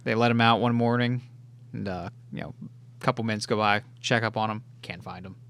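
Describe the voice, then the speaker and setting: A man's voice: lowish voice, steady tone, brisk, fairly bright tone, clear, resonant tone. A young man co-hosting a podcast, chatting casually in a laid-back, matter-of-fact way. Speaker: podcast co-host. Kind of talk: casual chat.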